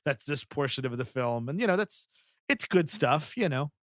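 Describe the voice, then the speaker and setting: A man's voice: on the high side, expressive, moderate pace, dry recording, clean studio sound. A man on a comedy podcast, recapping a film plot in a loose, rambling way full of fillers. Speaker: podcast panelist. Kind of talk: casual comedy chat.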